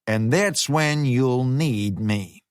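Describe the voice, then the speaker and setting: A man's voice: medium pitch, extremely slow, smooth, no room sound, clean studio sound. A man voicing a menacing hired fixer who talks in a laid-back, slangy way. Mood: matter-of-fact.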